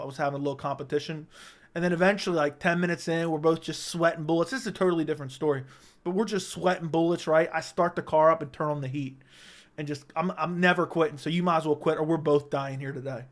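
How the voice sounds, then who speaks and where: Animated young man, higher voice. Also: fast. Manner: animated storytelling, frequent swearing and "right?". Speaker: livestream host. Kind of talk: casual livestream chat.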